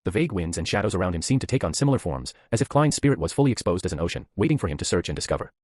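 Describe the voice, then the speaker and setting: A man narrates a novel chapter summary with a very deep, slightly husky voice. He reads quickly, and his pitch rises and falls a lot. The sound is dry and close. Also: sing-song, a little mellow, dry recording.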